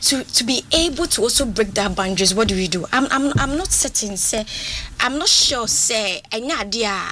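A woman calls in to a radio show and speaks hesitantly, often repeating herself. Her voice sits a little high. Clear noise runs under her words. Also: lively intonation, moderate pace, sharp tone. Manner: hesitant, repeats words, mixes English with local language. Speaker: caller. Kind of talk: phone-in comment.

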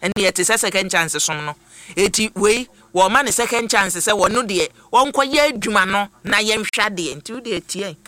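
A man hosting a radio talk show, addressing listeners as family and introducing guests in an animated way. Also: sits high, normal speed, dry recording. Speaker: host.

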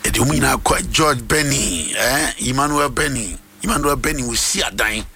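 A man's voice: mid-range voice, expressive, moderate pace, vocal fry, sharp tone, slightly rough. A man with a Ghanaian accent hosting a radio morning prayer segment, speaking with a fervent, preacher-like delivery and switching between Twi and English. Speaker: radio host.

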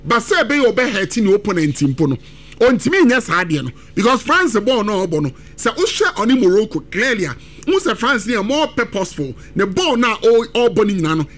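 A man's voice: high-pitched, very animated, brisk, fairly bright tone. A man giving football analysis on a talk show, emphatic and switching between languages. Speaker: football pundit. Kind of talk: sports analysis on radio talk show, mixing Twi and English.

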